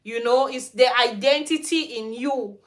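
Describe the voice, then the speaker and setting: On a livestream in Sweden, a hair care channel host from Cameroon speaks frankly and rants in her Cameroonian accent. Her voice leans high, and she talks at a measured pace.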